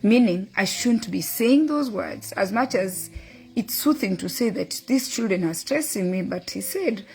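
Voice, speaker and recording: A woman's voice: mid-range voice, expressive, a little slow, gravelly, a little mellow, faint music behind. A middle-aged woman hosting a motivational talk, earnestly telling a story and quoting her son and a book. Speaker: host.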